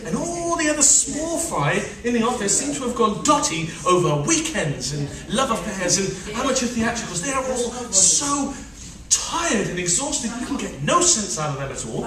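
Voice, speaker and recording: A man's voice: high-pitched, sing-song, normal speed, far from the mic, a crowd in the background. An actor playing a harried middle-aged official and overworked family man, pleading and complaining melodramatically in a stage rehearsal, recorded from afar in an echoey room. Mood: weary complaint.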